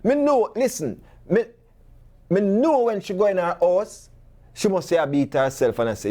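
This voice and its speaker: Jamaican male talk host, warm low-key tone, animated patois storyteller and preacher. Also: moderate pace. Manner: preachy, full of rhetorical questions. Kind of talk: talk show monologue.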